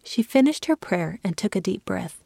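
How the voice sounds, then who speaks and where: A woman giving a calm, clear reading as the narrator of a children's story. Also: mid-range voice, moderate pace, no room sound, clean studio sound.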